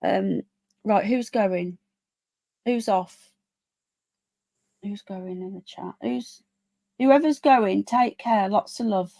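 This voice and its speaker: Speaking slowly in a warm, gravelly mid-range voice with long pauses, a British woman runs a relaxed live stream with no room sound. She rambles on and reads the results aloud, filling gaps with plenty of fillers.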